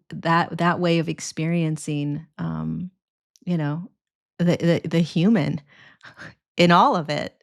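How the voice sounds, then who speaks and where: Woman guest, 40s, lowish voice, lively, chatty delivery that jumps into quoted voices. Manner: animated, acts out quoted voices, laughs often, many restarts. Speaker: podcast guest. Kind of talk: casual interview talk.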